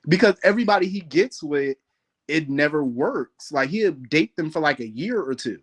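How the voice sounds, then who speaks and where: A man rants about people in a loose, profane, slangy way. His voice sits a little high. The talk is relaxed and unscripted. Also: normal speed, breathy edge. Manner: blunt, profane, slangy ranting. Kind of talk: casual chat.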